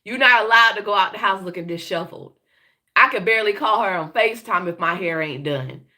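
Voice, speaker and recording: Blunt, bright-voiced woman livestream host. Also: medium pitch, a little fast. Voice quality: slight lisp from braces. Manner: blunt, swearing, greets chat viewers by name. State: sick. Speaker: live show host. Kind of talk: casual live-stream chat.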